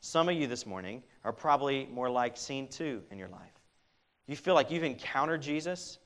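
A man's voice: mid-range voice, animated, normal speed, a bit bright. Earnest man preaching an Easter sermon. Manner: earnest, direct appeals to listeners with many restarts. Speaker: pastor.

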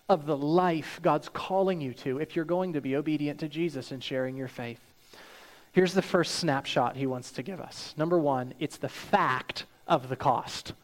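A man preaching a sermon, acting out hyped quotes and then dropping low and soft for the serious points. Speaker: pastor.

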